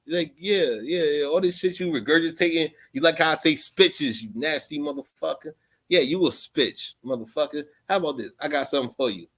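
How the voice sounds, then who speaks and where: This is a man with ranting furiously at people in his livestream chat. He swears constantly, repeats his phrases, and keeps coming back to the same insults. His voice sits a bit on the high side. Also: brisk, fairly bright tone. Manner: angry, profane, repetitive. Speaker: channel host.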